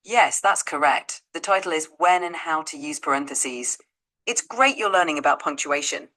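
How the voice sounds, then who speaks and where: An AI assistant with a woman's voice, patiently and encouragingly coaching pronunciation in a measured way. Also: deep voice, lively intonation, sharp tone, low-quality recording.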